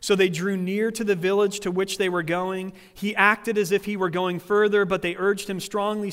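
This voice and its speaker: Animated male pastor preaching in a hall. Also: high-pitched, normal speed, hardly any pauses, smooth. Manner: animated, acts out quoted voices. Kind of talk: sermon. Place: church sanctuary.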